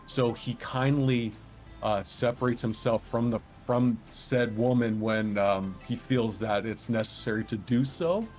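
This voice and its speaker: Rambling, halting man with music behind. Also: mid-range voice, steady tone, darkish tone. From Southern Ontario. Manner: rambling, halting with many fillers and restarts. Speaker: podcast guest. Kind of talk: casual chat.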